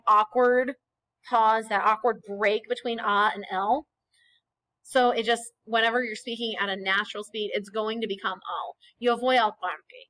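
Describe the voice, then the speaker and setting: A woman with a fairly high voice teaches a recorded lesson over slides. She explains things patiently and step by step, often pausing to check in with a quick "okay?". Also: bright, forceful tone, low-quality recording. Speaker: Spanish teacher.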